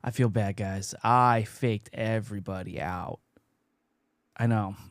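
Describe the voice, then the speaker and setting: A man from the USA hosting a casual podcast chat, upbeat and jokey, often trailing off quietly at the ends of his sentences. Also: on the low side, steady tone, slow pace, no echo, clean studio sound. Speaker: podcast host. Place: home studio, Long Beach, California. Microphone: podcast mic.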